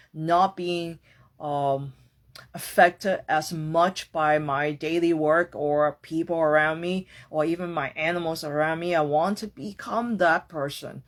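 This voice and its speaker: A woman's voice: sits low, fairly even intonation, measured pace. Earnest, searching woman podcast host. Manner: earnest, searching, casual with mild swearing. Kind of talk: reflective personal monologue.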